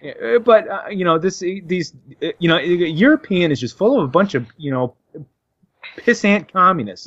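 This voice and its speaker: A man co-hosting a podcast, ranting sarcastically and halting with many fillers. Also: a little high, a bit bright, no room sound. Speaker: podcast co-host. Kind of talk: casual opinionated banter. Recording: dull, dry lo-fi podcast audio.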